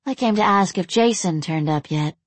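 A woman reading an easygoing young man in a low, soft, murmured voice. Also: normal speed, dry recording, close to an everyday voice. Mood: wry.

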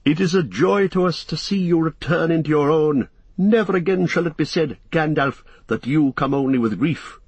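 Man voicing a young loyal warrior, fervent, raised voice, husky, storybook. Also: a little high, moderate pace, a little mellow, dry recording, pitched above the performer's own voice. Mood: joyful.

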